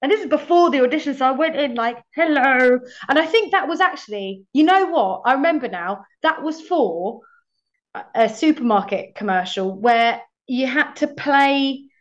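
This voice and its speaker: A woman's voice: sits high, animated, normal speed. A young woman actor telling stories in a casual conversation, laughing often and acting out her own past remarks. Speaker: actor, podcast guest. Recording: slightly muffled, lo-fi audio.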